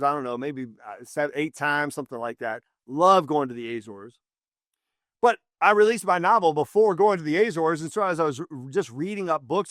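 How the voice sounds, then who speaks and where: A man who writes books, telling a story in an enthusiastic, casual way and swinging his voice up high when he quotes people. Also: fairly bright tone, dry recording, studio quality. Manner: enthusiastic, with big pitch jumps when quoting people. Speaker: author and storyteller.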